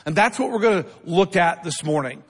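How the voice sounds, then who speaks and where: A male pastor preaching a sermon, emphatic, constantly checking in with the congregation and building up to shouted lines. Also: high-pitched, animated, a little fast, slightly rough. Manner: keeps asking the congregation "right?". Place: church sanctuary. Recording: long reverb of a large hall.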